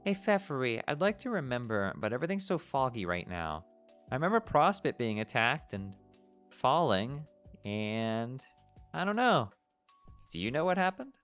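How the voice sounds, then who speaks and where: Man voicing a fed-up teenage girl; whiny, jumpy pitch, lively swings. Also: moderate pace, soft background music. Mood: unsure. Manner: exasperated, whiny. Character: frazzled, irritable teenage human girl. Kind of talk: reading a webcomic aloud.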